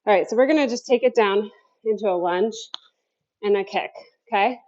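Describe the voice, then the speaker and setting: A woman's voice: mid-range voice, brisk, a little mellow, dull audio. A woman coaching a home workout class, counting down cues and chatting between sets while out of breath. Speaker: fitness instructor. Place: home basement.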